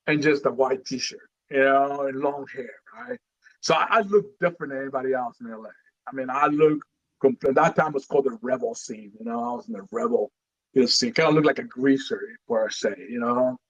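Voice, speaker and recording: A middle-aged man from Guatemala, a retired Marine telling his story as a guest in a casual podcast interview, animated and full of "you know"s. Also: mid-range voice, normal speed, dull audio.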